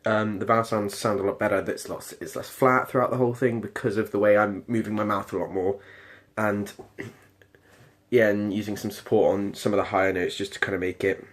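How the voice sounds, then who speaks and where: This casual video diary features a British performing arts student in his late teens talking about his singing practice. His voice sits on the low side with fairly even intonation and a fairly quick pace, his talk rambling and hesitant with many ums and restarts.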